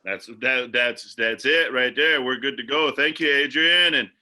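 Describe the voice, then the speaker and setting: Bright-voiced man moderating a webinar. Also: mid-range voice, a little slow. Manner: relaxed, rambling, repeats words. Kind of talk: casual moderating with many fillers.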